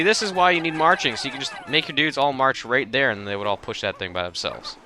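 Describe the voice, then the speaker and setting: A man's voice: medium pitch, quick pace, background noise. A man hosting a let's play, giving casual, chatty and self-mocking commentary as he plays.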